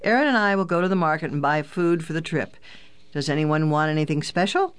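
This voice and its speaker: An audiobook narrator voicing a kind, teasing father who sounds calm and fatherly. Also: medium pitch, brisk, clear, resonant tone, natural voice. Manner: calm, fatherly, gently joking. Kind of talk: audiobook character voice.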